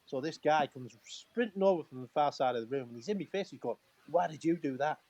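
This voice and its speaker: A man's voice: mid-range voice, animated, a little mellow, dry recording, highs cut off. Bloke telling stories, laughs a lot, does the other guy's lines too, lots of um and restarts. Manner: chatty and laughing, acting out quoted dialogue; halting restarts and fillers. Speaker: guest, former footballer. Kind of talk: casual storytelling on a live talk-in.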